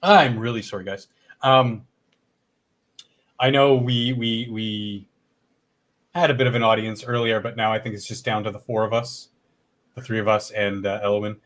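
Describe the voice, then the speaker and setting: A man's voice: on the low side, steady tone, moderate pace, long pauses, a bit bright. A man hosting a casual late-night stream, his throat worn and stuffed up from long talking. He rambles, coughs now and then and swears casually. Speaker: stream host.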